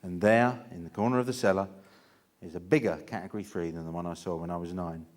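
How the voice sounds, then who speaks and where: A man's voice: deep voice, steady tone, fast. A man doing a stand-up comedy story on stage, theatrical and mock-anguished. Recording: live stage recording with audience noise.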